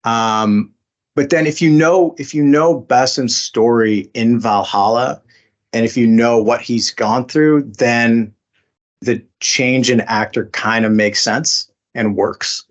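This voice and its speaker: A man's voice: mid-range voice, steady tone, takes it slowly, muffled recording. A man being interviewed as a voice actor, talking casually with many fillers and restarts. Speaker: voice actor guest.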